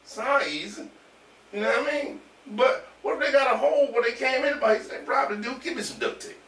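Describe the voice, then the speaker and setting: A man telling a rowdy story in casual chat, animated, laughing and swearing as he goes. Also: very high voice, fast, vocal fry. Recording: roomy echo from far off with faint ambience.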